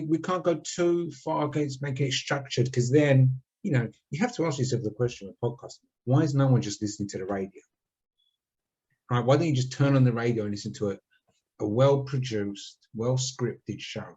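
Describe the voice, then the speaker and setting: A man's voice: medium pitch, moderate pace, darkish tone, muffled recording. Rambling man co-hosting a podcast. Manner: rambling, many restarts. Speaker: podcast co-host. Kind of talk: casual chat.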